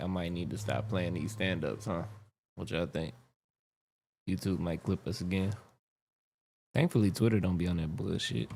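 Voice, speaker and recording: A man's voice: sits low, creaky, a little hiss or hum. A man hosting a live podcast stream, chatting casually about comedy clips. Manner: relaxed, chatty reactions. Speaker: podcast host.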